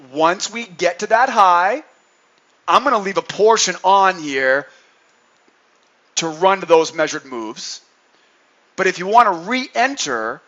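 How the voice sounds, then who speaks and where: A man from New England coaches traders through his charts in a high, bright voice. He talks with lively energy, checking in with listeners and joking with himself along the way. The recording sounds dull and lo-fi. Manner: energetic, keeps asking "right?", jokes with himself. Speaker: trading coach. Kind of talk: chart commentary on futures.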